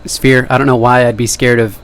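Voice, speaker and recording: A man's voice: mid-range voice, flat delivery, brisk, fairly bright tone. Rambling joking young man on camera. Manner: jokey, self-deprecating, wandering asides. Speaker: vlogger. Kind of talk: rambling casual monologue to camera.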